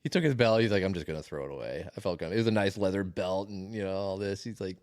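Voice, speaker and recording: A man co-hosting a podcast, telling a story in a casual, animated way, swearing often. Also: low-pitched, rapid-fire, dry recording, clean studio sound. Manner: swearing, animated retelling with laughs. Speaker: podcast co-host.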